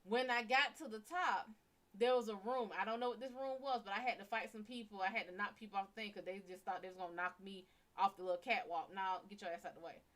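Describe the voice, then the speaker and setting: A woman's voice: mid-range voice, fast talker. Blunt, cussing woman telling a story. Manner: blunt, heavily profane, animated retelling. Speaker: psychic reader and live-stream host. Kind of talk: casual storytelling on a live stream.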